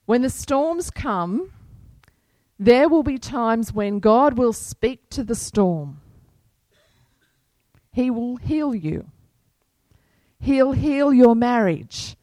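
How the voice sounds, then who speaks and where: A woman pastor delivers a sermon at a slow, deliberate pace, her voice sitting a little high. She preaches earnestly and weaves in scripture. The sound is dry and close, with no room echo. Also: animated, dark tone.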